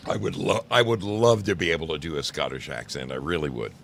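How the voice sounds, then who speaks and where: The voice is low, a little fast and gravelly, with a faint hiss or hum behind it. It belongs to a New Jersey man in his sixties hosting a livestream, rambling through stories and teasing the viewers in his live chat.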